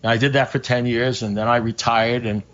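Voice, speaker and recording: A man's voice: medium pitch, little pitch movement, brisk, a bit bright, natural voice. A man voicing a boastful retired male talking dog who rambles matter-of-factly about his spy career, on a slightly muffled recording. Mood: bragging. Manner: rambling, matter-of-fact bragging.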